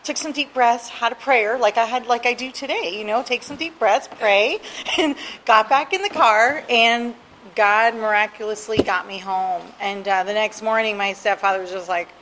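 A woman's voice: on the high side, normal speed, a bit bright, slight background noise, low-quality recording. A middle-aged woman from New Jersey tells her own story candidly, mocking herself and laughing often. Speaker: guest sharing her recovery story. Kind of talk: personal storytelling.

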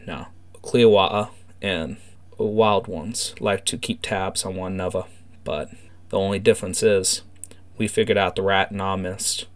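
A man doing a hushed, slangy gang informant. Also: low voice, fairly even intonation, unhurried. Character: shady male undercover gang member, secretive.

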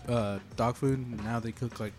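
A man's voice: medium pitch, fairly even intonation, moderate pace, a little mellow, faint music behind. A young man chatting casually with friends in an easygoing way. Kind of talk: casual chat.

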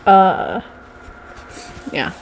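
A young woman with a stuffy nose telling a long personal story in a casual, animated way, swearing freely and calling the listener baby. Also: extremely slow, a little hiss or hum.

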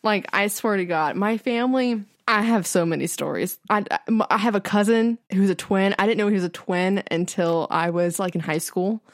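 A woman in her twenties co-hosting a podcast, telling stories in a lively, casual way with lots of "like" and some swearing. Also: mid-range voice, moderate pace, hardly any pauses, dry recording, studio quality. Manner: animated storyteller, casual swearing, frequent "like". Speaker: podcast co-host. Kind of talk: casual chat.

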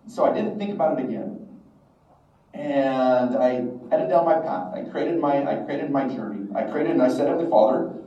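A man's voice: medium pitch, normal speed, warm tone, slight background noise. A middle-aged man giving a devotional talk, telling a personal story and acting out the dialogue. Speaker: religious instructor. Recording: echoey, distant, dull room recording.

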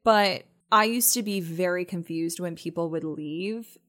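A woman's voice: on the low side, a little slow, a bit bright. A woman co-hosting a podcast, chatting casually and eagerly affirming her partner. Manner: enthusiastic, affirming listener. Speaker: podcast co-host. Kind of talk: casual chat.

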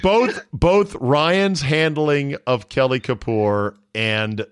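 A man's voice: medium pitch, slow pace, clear, resonant tone, no room sound, studio quality. A man hosting a sports talk podcast, chatting bluntly and profanely about a TV show. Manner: blunt, profane, animated storyteller. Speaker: podcast host. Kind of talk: casual sports talk banter.

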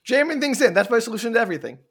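Fast-talking quizzical man. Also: very high-pitched, sing-song, slightly rough. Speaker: podcast co-host. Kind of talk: casual chat.

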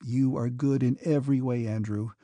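A man voicing a gentle, devout, timid young princess in an audiobook, earnest and pleading. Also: mid-range voice, steady tone, normal speed, no room sound, close to an everyday voice. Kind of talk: audiobook character reading.

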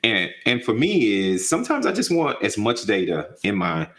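A man in his forties, a YouTube host, telling stories in a casual chat and acting out quotes. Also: normal speed. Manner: animated, acts out quotes with big pitch jumps. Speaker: guest, YouTube data channel host.

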